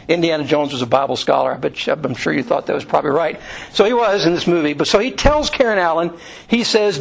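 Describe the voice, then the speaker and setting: A man's voice: a little high, creaky. A man preaching a sermon to his congregation, telling a story in a loose, conversational way with many fillers and restarts. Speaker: pastor. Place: church room.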